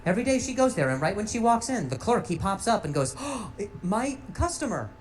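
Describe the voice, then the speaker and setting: A young man doing a stand-up storytelling set, animated, often restarting and repeating words. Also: high voice, fast talker, a little hiss or hum, poor audio. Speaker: stand-up comedian.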